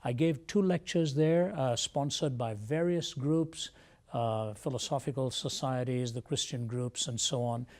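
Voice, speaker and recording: A man as an interview guest, telling a personal testimony in a measured, reflective way. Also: medium pitch, a little mellow. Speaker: guest speaker.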